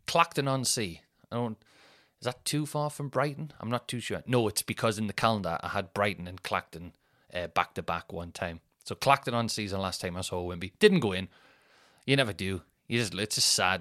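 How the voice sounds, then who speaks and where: A man's voice: mid-range voice, a bit bright, no echo, studio quality. A man, hosting a podcast and telling rambling, self-mocking comic stories. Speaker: podcast host. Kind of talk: comic storytelling monologue.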